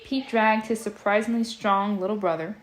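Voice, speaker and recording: A woman's voice: mid-range voice, steady tone, normal speed, echoey room. A woman casually reading a storybook aloud, stumbling and restarting, with chatty asides. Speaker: audiobook reader. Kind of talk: casual read-aloud with commentary.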